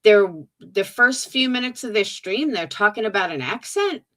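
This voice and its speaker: Sarcastic woman with a lively voice. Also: medium pitch, normal speed. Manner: sarcastic, mocking. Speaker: commentary streamer. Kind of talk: reaction commentary on clips.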